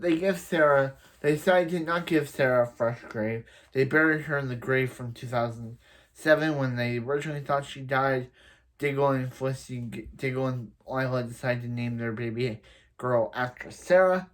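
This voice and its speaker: A person giving a casual, rambling recap of a TV episode, with many restarts and fillers. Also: mid-range voice. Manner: acts out quoted lines in other voices. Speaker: show reviewer.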